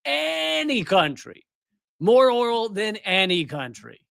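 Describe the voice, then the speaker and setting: A man's voice: high-pitched, sing-song, slow pace, vocal fry, a bit bright, no room sound, studio quality. A middle-aged man hosting a live political commentary show, ranting in a heated, sarcastic and mocking way. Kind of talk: live commentary rant on news clips.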